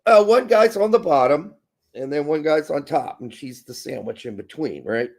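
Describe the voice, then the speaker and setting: A man co-hosting a casual podcast, ranting in a crude, animated way and swearing freely. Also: a little high, normal speed, vocal fry. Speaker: podcast co-host.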